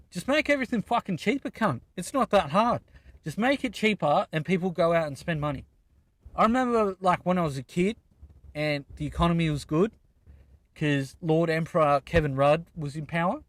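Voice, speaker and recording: A man's voice: fairly high pitch, no room sound. A young Australian man in his twenties, hosting a podcast and ranting in a casual, profane way from inside a car. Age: 20s. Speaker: podcast host. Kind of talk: casual solo rant.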